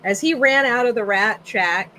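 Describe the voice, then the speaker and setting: A woman's voice: a little high, moderate pace, bright, forceful tone, slight background noise, rough recording. A woman co-hosting a casual chat, jumping in with comments. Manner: chatty, jumps in with comments.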